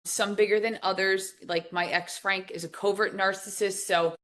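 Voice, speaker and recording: A middle-aged woman from New Jersey, a podcast guest talking casually, animated and emphatic as she tells stories. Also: mid-range voice, moderate pace. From New Jersey, USA. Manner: animated storyteller, lively emphatic outbursts. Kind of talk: casual conversational interview.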